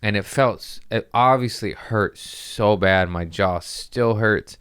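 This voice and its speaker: A male comedian hosting his podcast, chatting casually and swearing as he rambles through a story. His voice sits fairly low and sounds smooth and resonant. The mic is close and the sound is dry, with no room in it. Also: slow, fairly bright tone, no room sound. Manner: rambling, profane storytelling with jumps in pitch on punchlines. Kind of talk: casual chat.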